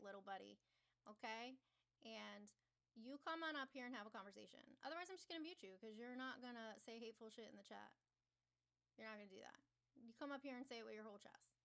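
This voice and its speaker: A woman's voice: on the high side, vocal fry, bright, forceful tone. Teasing, chatty woman livestreamer. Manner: chatty, teasing, swears casually; reads and answers viewer chat aloud. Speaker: livestream host. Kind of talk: casual livestream chat.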